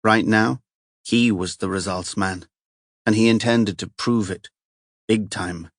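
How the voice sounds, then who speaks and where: An audiobook narrator reads a novel in a steady, measured storytelling manner. His voice sits on the low side, and the scripted narration is captured at studio quality with no echo.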